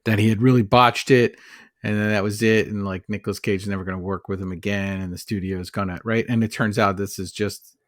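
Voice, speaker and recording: A man's voice: lowish voice, steady tone, a little fast, dry recording, studio quality. A man co-hosting a podcast, chatting casually about a movie in a rambling, analytical way. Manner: rambling, analytical, many fillers and restarts. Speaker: podcast co-host. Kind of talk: casual film discussion.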